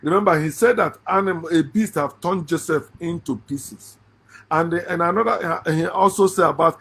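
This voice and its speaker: At normal speed, in a slightly rough voice on the high side, a middle-aged Nigerian-accented man gives a laughing, sarcastic monologue deriding scripture online. His delivery swells into shouts.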